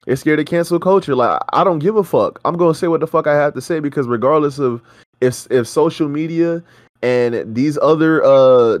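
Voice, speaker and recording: A man's voice: fairly high pitch, no echo. Fired-up man ranting in a dry room. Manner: heated, emphatic, ranting. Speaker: reaction show co-host. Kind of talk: casual profane reaction chat.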